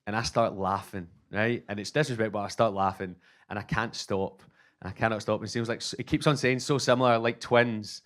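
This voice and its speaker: Scottish comedian telling a story, lowish voice. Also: male voice, fairly quick. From Scotland. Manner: animated, self-mocking, acts out both sides of dialogue. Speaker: stand-up comedian. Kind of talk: stand-up storytelling.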